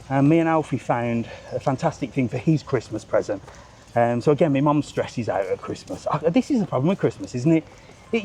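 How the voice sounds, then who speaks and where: Vlogger, blunt sweary rants, slightly high voice, phone held outdoors, faint hiss. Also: male voice, darkish tone. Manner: blunt, sweary, joking, ranty. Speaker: vlogger and tour seller. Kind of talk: live-streamed walking rant. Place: outdoor seafront street.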